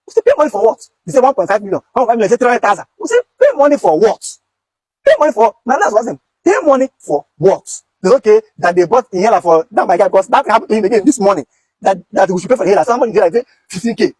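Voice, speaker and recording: A man's voice: high voice, darkish tone, breathy edge, no echo. A young Nigerian man with a Nigerian accent, making an urgent, pleading direct-to-camera appeal and repeating phrases. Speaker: content creator recounting police detention.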